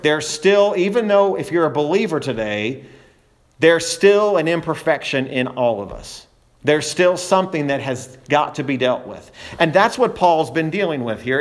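Pastor preaching with rising emphasis. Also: male voice, on the high side. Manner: earnest, builds emphasis, frequent restarts. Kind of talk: sermon. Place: church.

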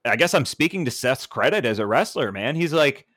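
Male podcast co-host, lively swinging pitch, dry close sound, laughs a lot and acts out what fans yell. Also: a little fast, dry recording. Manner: animated, laughs often, mimics fans mid-story. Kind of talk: casual wrestling podcast chat.

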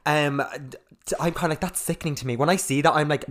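A young man co-hosting a podcast, chatty and gossipy, with quick jokes. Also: a little high. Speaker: podcast co-host. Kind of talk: casual chat.

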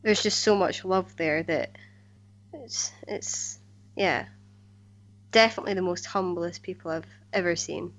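A woman's voice: on the low side, unhurried, pauses often, a bit bright. A woman co-hosting a podcast in casual chat, earnest and enthusiastic, often restarting her sentences. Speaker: podcast co-host.

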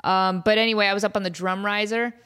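Young woman chatting on her podcast, jokey and self-mocking, laughs a lot, average pitch. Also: fairly even intonation, quick pace, a bit bright, clear, resonant tone. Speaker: podcast host. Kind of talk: casual storytelling monologue.

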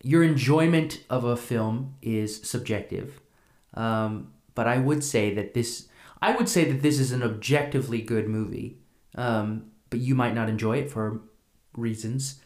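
A man's voice: mid-range voice, measured pace, a little mellow, roomy sound. A young man co-hosting a podcast, chatting casually with lots of fillers and a self-deprecating ramble. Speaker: podcast co-host.

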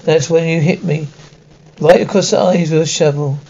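Crude, indignant cartoon villager in a tavern; rough and gravelly, with a muffled sound. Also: male voice, on the high side, steady tone, moderate pace, darkish tone. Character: crude coarse male villager telling a bawdy tavern tale.

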